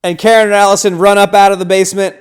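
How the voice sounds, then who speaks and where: A man hosting a podcast, casually recapping a film scene by scene, with lots of "like" and "right?", dropping to a hush for tense moments. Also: high-pitched, little pitch movement, rapid-fire, smooth. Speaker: podcast host.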